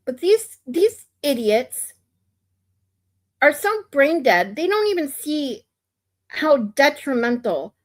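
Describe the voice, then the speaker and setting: A woman's voice: high voice, very animated, slow, long pauses. A woman streamer from the United States giving blunt, opinionated commentary in a casual ranting manner.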